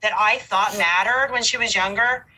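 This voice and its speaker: A woman in her forties, a podcast guest, talking casually and telling animated stories about motherhood. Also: mid-range voice, moderate pace, slight background noise, rough recording. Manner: animated storyteller, breaks into laughter. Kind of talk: casual conversation.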